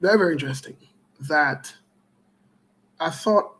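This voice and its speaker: This call-in host's male voice is a little high, and the recording is poor. After a deliberate, slow-paced run of greeting callers by name with some humorous asides, he turns to talking politics.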